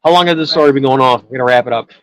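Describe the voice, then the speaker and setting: A man's voice: mid-range voice, rapid-fire, low-quality recording. A man telling a long personal story in casual chat, rambling with many restarts and filler words. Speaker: guest storyteller.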